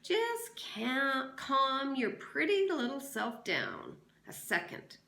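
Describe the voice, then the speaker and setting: A woman voicing a drunk, lecherous small-town sheriff who speaks in a slow drawl, read aloud in an echoey room. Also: on the high side, lively intonation, vocal fry, a bit bright, voice pushed up, full character voice. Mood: leering drawl.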